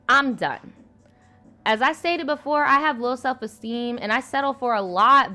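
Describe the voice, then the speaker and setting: A woman's voice: on the high side, sharp tone. Blunt, slangy young woman storyteller. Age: 20s. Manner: blunt, profane, slangy and emphatic. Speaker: host. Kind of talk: reading viewer stories aloud with commentary.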